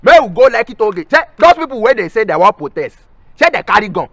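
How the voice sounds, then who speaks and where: Loud nigerian pidgin guy ranting fast, lively voice, faint music. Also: high voice, no echo. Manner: boisterous ranting, mocking. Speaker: comic police officer in a skit. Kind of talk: comedy skit acting.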